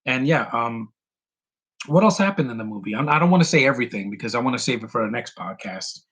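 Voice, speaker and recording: A man hosting a casual solo film podcast, rambling excitedly with many restarts and quick bits of mimicry. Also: medium pitch, husky. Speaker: podcast host reviewing a film.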